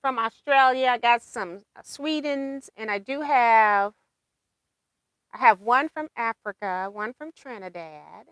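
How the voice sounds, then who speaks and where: A woman's voice: a little high, a little slow, a bit bright, dry recording. A woman hosting a casual quilting livestream, chatting and laughing as she reads viewer comments aloud.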